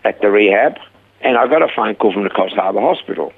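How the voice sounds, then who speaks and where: An older man with a gravelly, husky voice tells his stories with animation, his pitch jumping up whenever he acts out his own words. He comes through a thin, tinny phone line. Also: fast. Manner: animated retelling, voice rising when quoting himself. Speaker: guest, rehab centre founder. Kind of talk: storytelling in a conversation.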